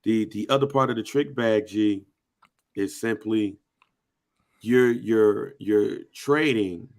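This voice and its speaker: A man with an American accent chatting casually on a podcast, slangy and animated, acting out quotes in voices. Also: on the low side. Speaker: podcast co-host.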